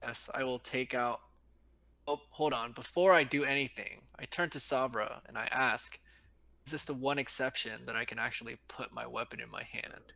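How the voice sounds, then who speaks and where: A man's voice: mid-range voice, moderate pace, creaky, sharp tone, rough recording. A man playing a tabletop game, hesitant and asking questions. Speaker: player. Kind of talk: tabletop role-play.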